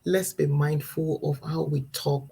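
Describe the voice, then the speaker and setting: A woman's voice: sits low, fairly even intonation, measured pace, gravelly, dark tone, breathy edge, low-quality recording. A woman in her thirties, a mother sharing earnest, reflective thoughts in a casual live video and laughing now and then between points. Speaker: parenting vlogger. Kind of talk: casual live-stream talk.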